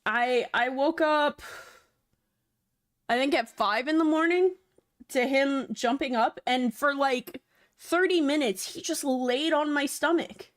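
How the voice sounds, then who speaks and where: Rambling young woman streamer, slightly high. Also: slow pace. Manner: rambling, talks to chat, swears casually. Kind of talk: casual live-stream chat. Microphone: desk mic.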